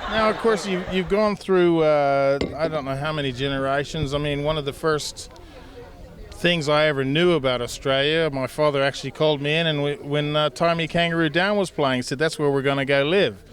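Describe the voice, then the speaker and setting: Male interviewer, slightly higher voice, friendly prompts. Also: a little fast. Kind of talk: casual interview.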